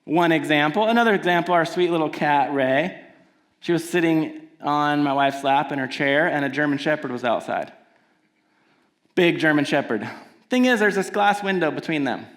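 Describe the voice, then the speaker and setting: Playful high-voiced male storyteller on stage. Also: moderate pace, a bit bright. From Washington, USA. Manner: conversational, playful, builds to emphatic points. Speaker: singer-songwriter telling stories between songs. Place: theater stage before an audience.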